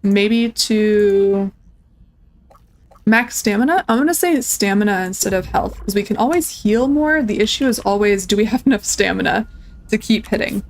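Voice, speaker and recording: With an expressive, medium-pitched voice at normal speed, a young woman offers casual commentary on the game she's playing. As a streamer, she's chatty and playful, talking to on-screen enemies as much as to her audience.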